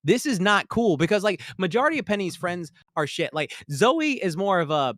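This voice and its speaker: A man's voice: high voice, big pitch swings, moderate pace, fairly bright tone, no room sound, clean studio sound. Rambling, cursing man on a podcast. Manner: rambling, profane, many fillers, bursts into heated outrage. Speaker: podcast co-host. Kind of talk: casual ranting review.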